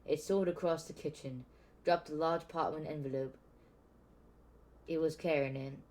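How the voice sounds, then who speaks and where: A man's voice: fairly high pitch, steady tone, normal speed, a little mellow, low-quality recording. A man casually reading a novel aloud, often stumbling and restarting words. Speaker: audiobook reader. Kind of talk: casual amateur book reading.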